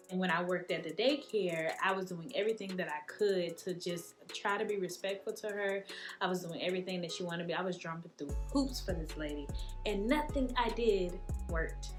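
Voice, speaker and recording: A young woman tells a candid personal story, laughing often and slipping into playful voices. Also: lowish voice. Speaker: vlogger.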